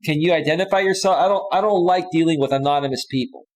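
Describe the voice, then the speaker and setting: A man's voice: fairly high pitch, quick pace, low-quality recording. A man hosting a live stream, reading viewer comments aloud and answering them bluntly and dismissively. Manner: blunt and dismissive, with frequent restarts.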